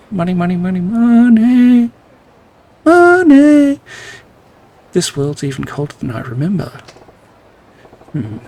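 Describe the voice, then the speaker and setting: A man's voice: mid-range voice, creaky, a little hiss or hum. A man playing a video game, reading the characters' lines aloud and adding dry, wry asides. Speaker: gameplay narrator.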